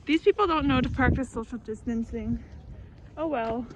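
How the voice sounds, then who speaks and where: A woman's voice: on the high side, moderate pace, background noise. A young woman, a doctoral student, chatting upbeat to her viewers in a casual vlog. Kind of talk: casual vlog narration to camera.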